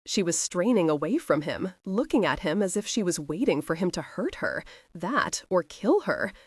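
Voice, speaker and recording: Expressive woman narrating a romance audiobook. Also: lowish voice, moderate pace, few pauses, slightly rough, no room sound, studio quality.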